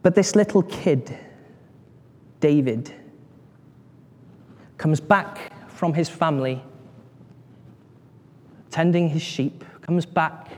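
A man gives a sermon, retelling scripture with lively, acted-out voices and questions to the congregation. His voice sits slightly high for a man. The sound carries a long reverb, as in a large hall. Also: takes it slowly, long pauses. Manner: animated storytelling, acts out voices, asks the congregation questions. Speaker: preacher.

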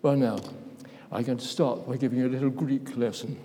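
An older man preaches an informal sermon in a medium-pitched, steady, dark-toned voice, moving briskly. He's chatty, interrupts himself, and poses questions to the congregation. The church hall gives the recording a long reverb.

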